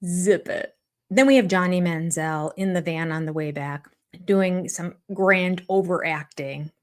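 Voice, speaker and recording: A woman's voice: on the low side, measured pace. An older woman giving sarcastic, amused reaction commentary on a reality show, often laughing. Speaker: YouTube commentator.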